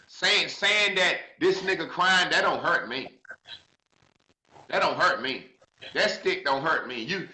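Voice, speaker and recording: A man crying as he preaches to his viewers, swearing freely and swinging from shouts to quiet asides. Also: on the high side, reverberant, rough recording. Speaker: social media commentator. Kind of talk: emotional monologue to viewers.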